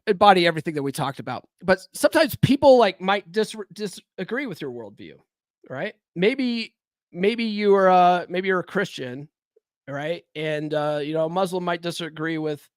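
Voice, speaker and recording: A man's voice: sits high, no echo, clean studio sound. A man hosting a podcast alone in a casual, blunt, profane way. He keeps asking his listeners "right?" and throws rhetorical questions at them. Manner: rhetorical, challenges listeners directly. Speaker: podcast host. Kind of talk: casual solo talk on dating and self-improvement.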